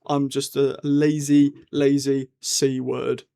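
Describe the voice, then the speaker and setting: A man's voice: medium pitch, level tone, slow, gravelly, dark tone, smooth. A young man rambling cheekily in a casual vlog, slangy and mock-defiant. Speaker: vlogger.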